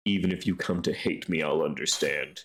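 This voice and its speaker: A man voicing a tender, sorrowful farewell speaker in a soft, solemn tone while reading a game aloud. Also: very deep voice, fairly quick, creaky, voice pushed down. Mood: mournful.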